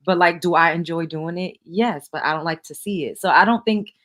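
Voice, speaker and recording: Relaxed low-voiced woman chatting late. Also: fairly quick. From New York. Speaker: host. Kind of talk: casual late-night chat.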